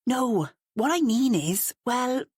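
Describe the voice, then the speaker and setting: A woman's voice: medium pitch, expressive, brisk, darkish tone, dry recording, clean studio sound, close to an everyday voice. A woman reading the part of a reserved man who is irritated and exasperated, speaking in clipped replies.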